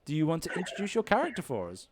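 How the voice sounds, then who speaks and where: A man's voice: on the high side, huge pitch swings, very fast, noisy background. A man running an improvised tabletop game, narrating in a rambling way full of ums and kind-ofs. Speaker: game master.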